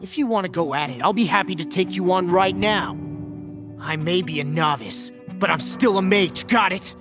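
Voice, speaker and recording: A man's voice: on the high side, lively intonation, moderate pace, close to an everyday voice. An actor voicing a stubborn, good-natured teenage boy who is a novice mage in an anime dub, plain-spoken and sincere. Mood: defiant. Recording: studio dub with music behind.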